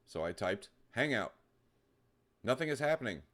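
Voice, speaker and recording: A deadpan, sarcastic man telling a comic story. His voice sits low but swings widely in pitch. He delivers his jokes flat and dry. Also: normal speed. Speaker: comedy host. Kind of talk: comedic storytelling.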